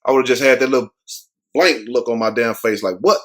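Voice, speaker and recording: A man's voice: mid-range voice, fairly even intonation, fairly quick. A man hosting a casual commentary vlog, talking in slang and acting out quoted people in put-on voices. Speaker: host.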